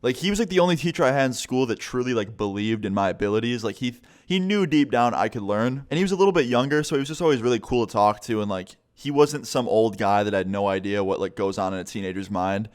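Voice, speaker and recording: Young dude with a lowish voice, rapid-fire story time, swears constantly. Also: male voice. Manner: profane, rambling, full of fillers. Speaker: vlogger.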